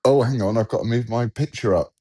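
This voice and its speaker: A man's voice: mid-range voice, fast, dark tone, husky. An English man with a British accent, co-hosting a podcast over a video call in a joking, self-deprecating, bantering way. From England. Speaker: podcast co-host. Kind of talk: casual chat on a video call.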